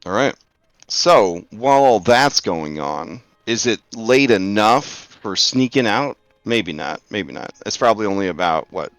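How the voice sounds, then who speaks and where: Slow, low-voiced man running a tabletop game. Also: no echo. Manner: slow, relaxed, thinking aloud with many fillers. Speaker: game master.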